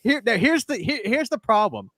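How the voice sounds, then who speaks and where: A man hosting a casual podcast, telling stories in an animated way, laughing often and repeating words as he builds up to the punchline. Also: very high-pitched, normal speed, no echo. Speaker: podcast host. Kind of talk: casual chat. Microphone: studio microphone.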